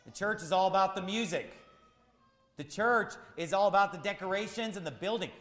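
A man's voice: high voice, a little fast, fairly bright tone, reverberant, long reverb tail. A man preaching a sermon as pastor, firing rhetorical questions in a repetitive, emphatic cadence.

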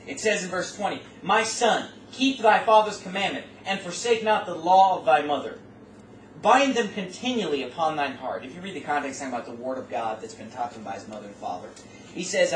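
A middle-aged man preaches a sermon, exhorting listeners with rhetorical questions and folksy asides that build to emphatic peaks. His voice is fairly high and fairly bright, captured on a distant mic in a roomy space with faint room noise.

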